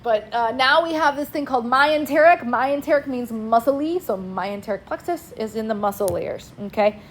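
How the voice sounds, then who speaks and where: A woman's voice: a little high, moderate pace, a little hiss or hum. A woman teaching a class in a casual, chatty way, prompting students to answer back. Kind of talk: classroom lecture.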